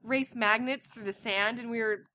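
Co-host mom, high bright voice, loud and lively storyteller in casual talk. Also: female voice, normal speed. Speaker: parent and co-host. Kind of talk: casual chat.

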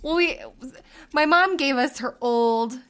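A woman in her thirties co-hosting a podcast, telling family stories in a casual, animated way, laughing and acting out quotes. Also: high-pitched, takes it slowly. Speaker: podcast co-host. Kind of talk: casual storytelling chat.

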